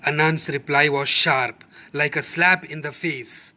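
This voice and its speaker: Slow, patient Indian English teacher. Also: male voice, on the high side, fairly even intonation, sharp tone. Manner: patient, repeats and explains words, addresses students. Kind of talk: explaining a textbook lesson.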